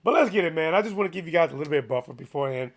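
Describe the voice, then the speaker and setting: A man hosting a casual solo sports commentary, chatty and animated with lots of restarts, his voice a little hoarse. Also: a little high, very fast. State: slightly hoarse.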